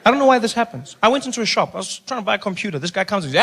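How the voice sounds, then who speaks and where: A middle-aged man from South Africa performing a stand-up routine, telling a story in an animated way, acting out other voices and dropping to a soft hush for jokes. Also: high voice, very fast, hardly any pauses, husky. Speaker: stand-up comedian. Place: stage.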